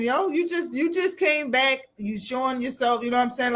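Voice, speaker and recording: A man's voice: very high-pitched, lively intonation, normal speed, hardly any pauses, bright, forceful tone. A man hosting a live boxing talk stream, reacting casually with slang and frequent laughter.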